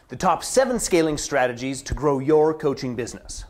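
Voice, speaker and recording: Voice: mid-range voice, moderate pace, hardly any pauses, a little mellow. A business strategist giving a scripted promotional address, with dramatic delivery that drops into whispers for emphasis. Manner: acts out contrasting inner and outer voices.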